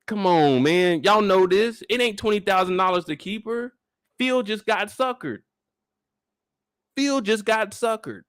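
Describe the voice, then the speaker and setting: A man's voice: high voice, lively intonation, unhurried, fairly bright tone, clean tone, no room sound, studio quality. A man hosting a live after-show discussion, ranting in disbelief at his viewers and repeating phrases for emphasis. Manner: talks straight to his viewers. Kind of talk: animated live reaction commentary.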